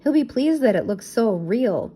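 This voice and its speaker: Storybook aunt, middle-aged, gentle and a little worried, read by a woman. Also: mid-range voice, big pitch swings, moderate pace, husky. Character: kindly middle-aged aunt, hotel owner.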